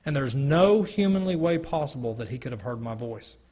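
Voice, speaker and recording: Husky-voiced man telling a testimony. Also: mid-range voice, lively intonation, brisk, mellow. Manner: earnest storytelling with quoted dialogue. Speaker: speaker giving a testimony. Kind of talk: personal testimony talk. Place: church hall or meeting room. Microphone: handheld or stand mic, sometimes stepping away.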